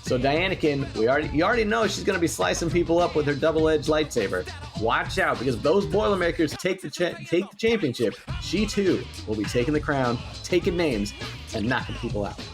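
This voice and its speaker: Give me a playful, laughing man co-hosting a casual show, slightly high voice. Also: lively intonation, fairly quick, music in the background. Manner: playful, jokey, laughs often. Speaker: podcast co-host. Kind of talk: casual comedic banter.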